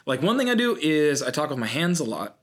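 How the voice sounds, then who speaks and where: A young man co-hosting a podcast in casual chat, animated and laughing often. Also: on the high side, fairly quick. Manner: animated, laughs often, trails off mid-sentence. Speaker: podcast co-host.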